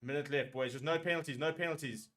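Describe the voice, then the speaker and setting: A man's voice: on the high side, fast, fairly bright tone. A man giving emotional live fan commentary on a rugby match, nervously repeating phrases as he calls the play.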